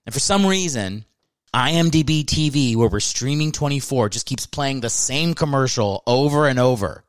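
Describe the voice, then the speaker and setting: A man's voice: medium pitch, lively intonation, normal speed, no room sound. Ranting man with a dry close sound. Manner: rambling, ranting, jumps into mock outrage. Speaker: podcast host. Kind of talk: comedic podcast monologue.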